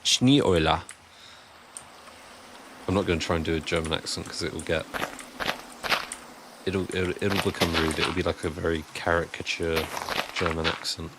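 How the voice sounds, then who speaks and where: A man's voice: low-pitched, little pitch movement, fairly quick, heavy background noise. A man chatting casually and rambling on a live stream while he builds, answering chat as he goes.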